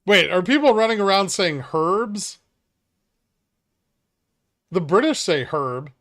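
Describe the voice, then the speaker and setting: A man with a slightly higher voice hosts a casual livestream, reacting to viewers' comments with dry, teasing banter. His voice sounds close and dry, with almost no room around it. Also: sing-song, fairly quick, a bit bright, dry recording. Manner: dry, wry banter answering chat. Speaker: livestream trading host. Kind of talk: casual live-stream chat.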